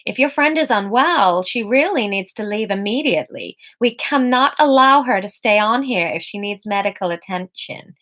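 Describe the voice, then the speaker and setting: A woman's voice: medium pitch, animated, moderate pace, hardly any pauses, fairly bright tone, lightly acted. Woman doing a stiff American spa receptionist man. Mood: firm refusal. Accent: put-on American.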